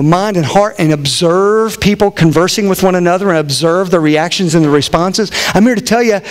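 Middle-aged male pastor, high voice, animated, self-deprecating sermon delivery, long hall reverb. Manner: animated, self-deprecating, acts out quoted dialogue.

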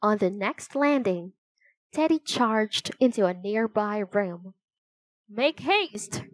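Woman narrating a storybook, very slow, clear, dry close sound, middle pitch. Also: animated, dry recording, poor audio. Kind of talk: reading a children's chapter book aloud.

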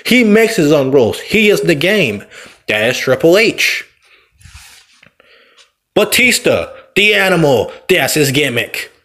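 A man's voice: on the high side, very animated, unhurried, long pauses, a bit bright. A man, a wrestler, giving a casual, rambling opinion vlog while playing a game, often backtracking and correcting himself. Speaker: wrestler and vlogger.

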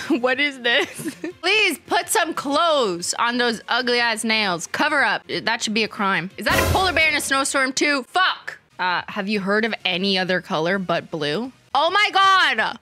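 A woman in her thirties, a nail art YouTuber, hosts a livestream where she roasts viewers' work with sarcastic teasing and lots of laughter. Her voice is fairly high, and the background is noisy.

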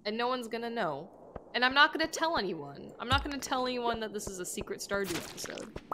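A woman's voice: on the high side, animated, a little fast, bright, forceful tone, a little hiss or hum. A woman chatting playfully and rambling with frequent giggles while streaming a video game. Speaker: gaming streamer. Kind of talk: casual live-stream chat while playing. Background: game music.

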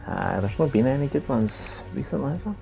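A man's voice: medium pitch, sing-song, a little fast, gravelly, mellow, soft background music. A man in casual game chat with friends, laid-back, laughing often and giving short replies. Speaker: gamer.

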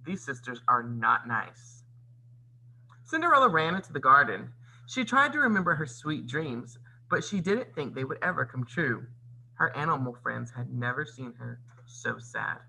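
Gravelly, lively man reading a storybook aloud. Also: mid-range voice, normal speed, a little hiss or hum, rough recording. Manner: expressive, teacherly. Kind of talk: read-aloud storybook narration with comments.

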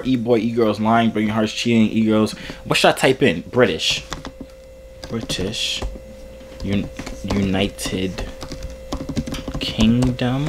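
A man hosting a casual vlog, talking in a relaxed, rambling and slangy way. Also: on the low side, slight background noise. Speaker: YouTuber host.

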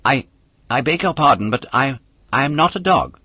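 A wooden puppet boy from a children's storybook, earnest and quick to stammer when flustered, voiced by a male reader. His voice sits well above a grown man's, with a husky, dry edge. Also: mid-range voice, lively intonation, bright, forceful tone, dry recording, voice pushed up.

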